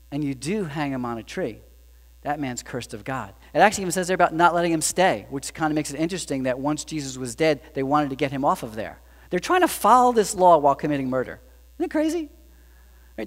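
A man preaching a sermon, animated, rising to emphatic peaks and dropping to hushed lines. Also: fairly high pitch. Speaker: pastor. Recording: reverberant hall with mains hum.

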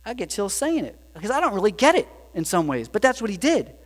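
Animated preacher man in an echoey hall. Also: sits high, fast talker. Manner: animated, rising to emphatic peaks and dropping to hushed lines. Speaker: pastor. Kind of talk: sermon. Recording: reverberant hall with mains hum.

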